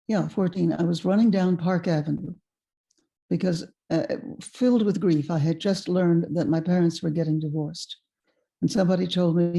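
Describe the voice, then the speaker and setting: A woman giving a guest talk, telling a personal story in an expressive, unhurried way. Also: on the low side, creaky. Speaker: guest speaker.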